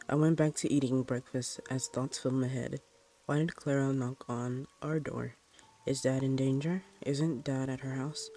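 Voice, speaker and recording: Mellow-voiced man reading a horror story. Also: medium pitch, fairly even intonation, soft background music. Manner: plain, unhurried first-person narration.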